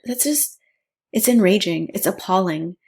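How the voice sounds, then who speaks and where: A woman's voice: medium pitch, animated, unhurried, darkish tone, slightly rough. A young woman born in the United States telling a personal story on her vlog in an earnest, indignant way. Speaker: vlogger.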